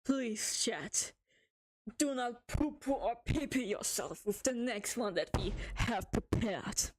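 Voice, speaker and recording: A woman's voice: a little high, expressive, slow pace. A woman streamer reading horror stories to her chat, joking, giggling and swearing a lot.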